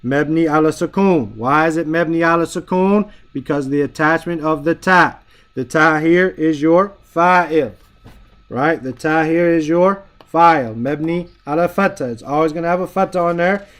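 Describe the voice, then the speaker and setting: A man's voice: on the high side, moderate pace, a bit bright. Patient male grammar teacher. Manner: explains patiently, checks in with "right?" often. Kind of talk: Arabic grammar lesson.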